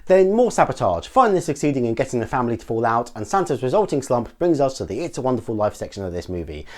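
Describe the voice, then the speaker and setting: An English man talks through a film review at a brisk clip, his voice rising and falling in a lively way. He sounds dry and sarcastic as he picks at the plot. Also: medium pitch, soft background music. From England. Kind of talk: scripted film review narration.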